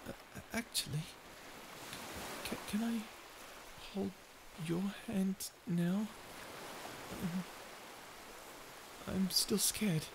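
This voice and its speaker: In a listener-perspective audio drama, a woman with a mid-range voice plays a prickly young sea creature who hides her fear behind insults. She speaks very slowly with long pauses, stuttering in flustered tsundere bluster, over background noise.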